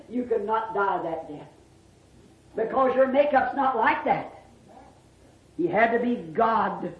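A preacher giving an impassioned sermon, drawn-out and emphatic, bursting into shouts on key words. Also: mid-range voice, expressive. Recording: dull, echoey old sermon recording.

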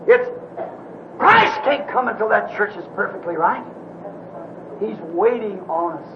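A man with a strikingly high voice preaches a fervent sermon as a minister, dropping to hushed tones and then rising to shouts. The recording is dull and lo-fi, with a faint hiss underneath. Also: normal speed. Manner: impassioned, swings from hushed to shouting.

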